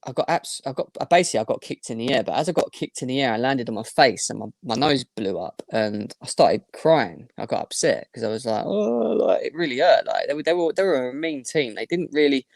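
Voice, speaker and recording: Gravelly young man telling a story. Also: medium pitch, brisk, few pauses, no room sound, clean studio sound. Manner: animated, rambling anecdote with restarts. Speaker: podcast guest. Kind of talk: casual storytelling.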